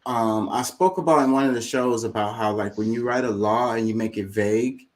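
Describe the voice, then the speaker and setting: A man's voice: mid-range voice, fairly quick, rough recording. A man hosting a video, reacting to a clip in loose, informal commentary that rambles and leans on "you know". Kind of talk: casual commentary.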